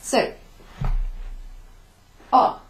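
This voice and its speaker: A woman teaching a beginner language class, explaining patiently, repeating phrases and writing on a board as she goes. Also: very slow. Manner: writes on a board while talking, turning away at times. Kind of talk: recap of a beginner Italian class. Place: classroom-like room with a whiteboard. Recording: echoey room, faint background hum.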